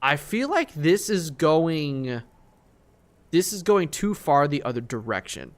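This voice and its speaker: A young man live-streaming a game, reasoning aloud through his choices, excitable and full of fillers. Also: fairly high pitch, slow pace.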